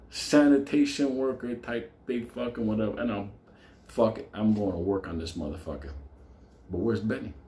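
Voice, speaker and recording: A man telling a profane story, laughing often and talking with animated energy. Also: mid-range voice. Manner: laughing, animated, heavy swearing. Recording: echoey room with faint ambience.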